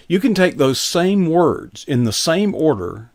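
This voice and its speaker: A man's voice: fairly high pitch, sing-song, a little slow, few pauses, a little mellow, dry recording. A man hosting a casual interview, talking in a rambling way that takes detours before reaching his point. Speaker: host.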